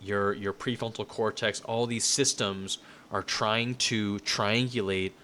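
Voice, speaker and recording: A man's voice: lowish voice, steady tone, slow pace, sharp tone, a little hiss or hum. A man in his thirties giving a casual, conversational lecture to a room, rambling and full of restarts.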